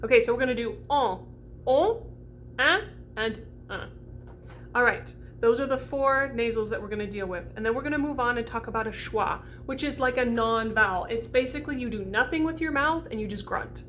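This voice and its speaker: Woman, classical voice coach, upbeat, demonstrative, slightly high voice, faint background noise. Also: a little fast. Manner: bubbly, animated, demonstrates sounds aloud. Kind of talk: teaching French diction for singers.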